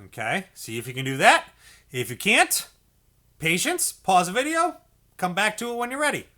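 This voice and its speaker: Male music teacher, encouraging and patient, bright tone, a bit high, demonstrates by singing note syllables. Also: sing-song, normal speed. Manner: patient, encouraging, repeats checks like okay and all right; sings syllables to demonstrate notes. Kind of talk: instructional video lesson.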